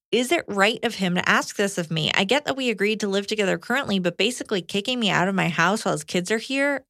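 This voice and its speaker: A young woman co-hosts a podcast and reads listener letters aloud in a slightly low, laid-back voice. She chats easily between the letters and laughs often. The sound is close and dry. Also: a bit bright, no room sound. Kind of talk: reading letters and casual chat.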